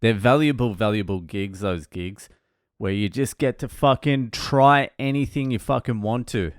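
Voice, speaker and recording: A stand-up comedian recounting gigs in a casual monologue, blunt and self-mocking, swearing freely. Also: male voice, medium pitch, moderate pace, dry recording, studio quality.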